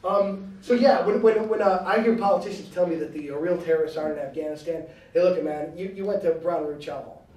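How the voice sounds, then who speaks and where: A man's voice: a little high, brisk, a little mellow, reverberant, recorded from a distance, rough recording. A man giving a blunt, joking and combative speech to students at a university. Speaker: guest speaker. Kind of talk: animated campus speech. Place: university lecture hall.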